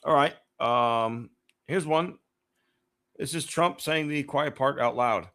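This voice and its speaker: Man, southern us accent, gravelly voice, blunt profane podcast banter. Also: mid-range voice, slow pace, fairly bright tone. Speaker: podcast co-host. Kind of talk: casual chat.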